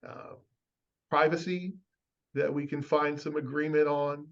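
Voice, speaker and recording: A man on a discussion panel lays out his views in an even, explanatory way. His voice comes through a somewhat muffled, lo-fi recording. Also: on the high side, unhurried, creaky. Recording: muffled lo-fi audio.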